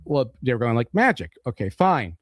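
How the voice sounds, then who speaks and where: A man's voice: normal speed, slight background noise. A man hosting a casual podcast chat, retelling a comic story and acting out the characters' lines with a loose, rambling manner. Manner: animated, acts out characters' lines with shifting pitch; loose, full of "you know" and "like". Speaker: podcast host explaining comics.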